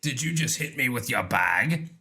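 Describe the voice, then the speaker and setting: A man's voice: medium pitch, lively intonation, moderate pace, gravelly, bright, forceful tone, slightly rough, exaggerated voice. A man voicing a rude, stubborn male smoker in a comedy podcast reading. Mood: smug.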